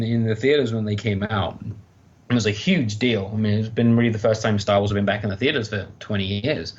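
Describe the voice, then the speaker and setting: Enthusiastic man on dull lo-fi audio. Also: lowish voice. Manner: enthusiastic, animated storytelling with mock exclamations. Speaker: guest author. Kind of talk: casual podcast chat.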